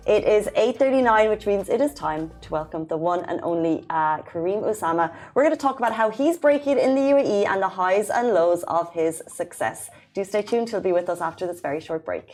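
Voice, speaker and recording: A young woman co-hosting a casual talk show, bubbly and emphatic, quick to agree with her co-host. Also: mid-range voice, animated, a little mellow, faint music behind.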